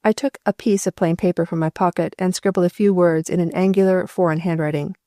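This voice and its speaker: Woman reading a novel aloud, low-ish mellow voice, steady pace, dry close mic. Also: a little fast, no room sound. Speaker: audiobook narrator. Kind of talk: scripted first-person narration.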